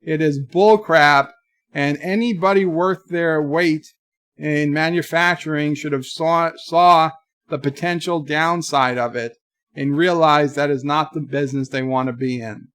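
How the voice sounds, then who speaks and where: A man's voice: on the high side, steady tone, a little slow, a bit bright, clear, resonant tone, no echo, clean studio sound. A man hosting a livestream, reading viewer chats aloud in a chatty, mocking way. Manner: chatty, mocking, slips into joke accents. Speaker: livestream host.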